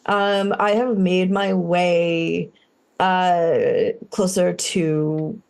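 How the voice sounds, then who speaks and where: A woman's voice: lowish voice, fairly even intonation, drawn-out words, a little mellow. A woman playing a tabletop game, speaking hesitantly with many fillers. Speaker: player.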